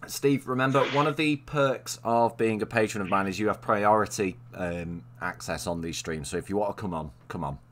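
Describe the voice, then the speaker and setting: A man's voice: fairly low pitch, normal speed, few pauses, fairly bright tone. A man with a Manchester accent hosting a casual chat stream, joking and laughing often. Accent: Mancunian. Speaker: streamer host.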